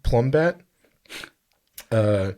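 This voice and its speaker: A man co-hosting a podcast in casual chat, rambling and halting with frequent fillers, sometimes reading out a story. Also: medium pitch, animated, dark tone. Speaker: podcast co-host.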